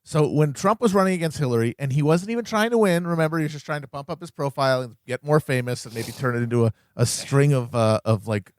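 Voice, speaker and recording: Podcast co-host, man, slightly high voice, dry close mic, wry and profane, builds to emphatic rants. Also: fast, hardly any pauses, no echo. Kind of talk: casual political chat.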